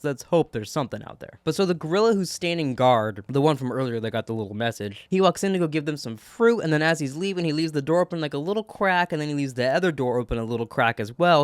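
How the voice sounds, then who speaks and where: Man recapping an episode, casual, swears, smooth voice, dry sound. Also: medium pitch, no echo. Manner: rambling, swears, laughs at himself. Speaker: TV episode reviewer.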